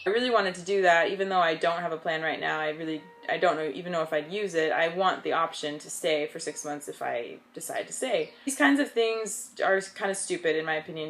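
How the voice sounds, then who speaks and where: A young woman from the United States chatting casually in a vlog, bubbly and excitable. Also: sits low. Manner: bubbly and excitable, with frequent laughs. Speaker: vlogger.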